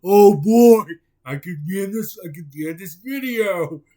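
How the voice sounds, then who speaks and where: Someone doing Patrick, a dopey slow starfish. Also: mid-range voice, mellow, natural voice. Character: dim-witted happy male starfish.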